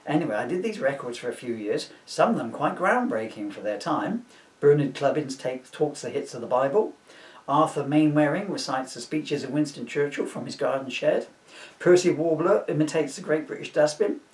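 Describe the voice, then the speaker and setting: A man's voice: a little high, lively intonation, moderate pace, far from the mic, lightly acted. A man putting on a posh pompous record producer. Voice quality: posh, plummy delivery. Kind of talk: comic reading of a parody book. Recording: roomy sound from away from the mic.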